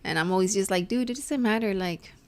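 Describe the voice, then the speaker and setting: A woman's voice: medium pitch, a little fast, darkish tone. Chatty young woman podcast co-host. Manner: earnest, chatty, many fillers. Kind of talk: casual chat.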